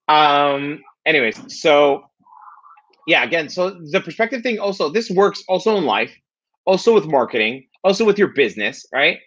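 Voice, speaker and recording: A man in his thirties, a podcast guest, talking quickly in casual chat and often tagging "right?" onto his points. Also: fairly high pitch, muffled recording. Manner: animated, fast, repeats "right?".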